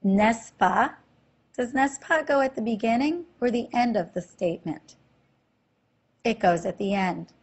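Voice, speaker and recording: Woman, teacher, breathy voice, slide lesson, patient step-by-step explanations, quizzing questions. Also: fairly high pitch, animated, normal speed, dull audio. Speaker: French teacher. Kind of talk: slide-based language lesson.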